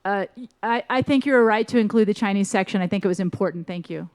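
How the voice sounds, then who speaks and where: A woman in a stage rehearsal scene who talks in a wry, somewhat halting way. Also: mid-range voice, a little mellow. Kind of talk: theatrical dialogue.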